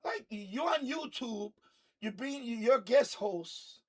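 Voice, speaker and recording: A man's voice: very high voice, lively intonation, takes it slowly. A man hosting a live stream, ranting heatedly with lots of swearing and repeated phrases. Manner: heated, profane, repetitive ranting. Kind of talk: casual ranting commentary.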